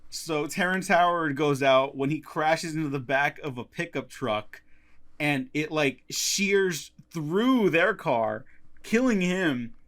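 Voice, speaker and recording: A man co-hosting a casual film podcast, retelling scenes in a relaxed, gleeful way. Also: a little high, slow. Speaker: podcast co-host.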